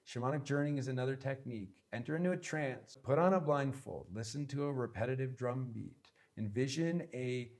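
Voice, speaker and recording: Man, spiritual teacher, instructional talk, earnest, emphatic, repetitive phrasing, medium pitch. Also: darkish tone.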